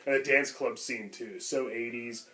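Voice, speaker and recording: A man's voice: medium pitch, measured pace, pushed and bright. A man co-hosting a podcast, talking casually and enthusiastically about films, rambling with lots of fillers. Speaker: podcast co-host. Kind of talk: casual chat.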